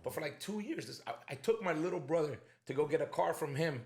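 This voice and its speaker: A man in casual chat, telling a story in an animated way, acting out dialogue and swearing a lot, in an echoey room. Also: a little high, fast. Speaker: podcast guest.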